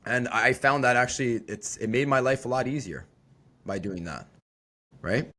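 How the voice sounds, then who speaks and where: 40yo construction owner guy, blunt, swears a lot, middle pitch. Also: normal speed, bright, forceful tone. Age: 40s. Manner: blunt, swears freely, restarts words. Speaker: construction company co-owner, podcast host. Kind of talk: casual podcast chat.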